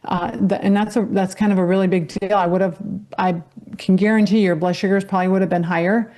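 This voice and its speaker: A woman's voice: medium pitch, steady tone, quick pace, dark tone. A woman doctor appearing as a guest, patiently explaining health matters in casual chat.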